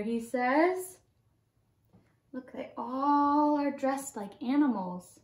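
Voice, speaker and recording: A children's librarian, a woman, reading a picture book aloud to children in an animated, playful way and inviting them to join in. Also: high-pitched, takes it slowly. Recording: roomy echo.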